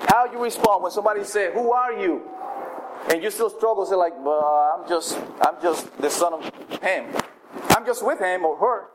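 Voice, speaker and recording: High-voiced man preaching a sermon. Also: moderate pace, background noise. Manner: conversational, retelling scripture in an everyday voice with frequent restarts.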